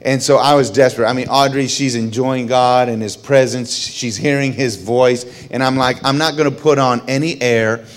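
A middle-aged man sharing a personal testimony. He tells the story with lots of energy, his voice jumping high when excited and falling low and quiet in the solemn parts. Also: moderate pace, hardly any pauses.

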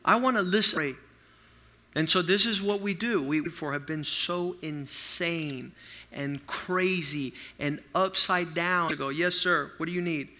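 A middle-aged man preaching a sermon through personal stories, acting out quotes with loud outbursts and hushed asides. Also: on the high side, measured pace. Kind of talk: sermon storytelling.

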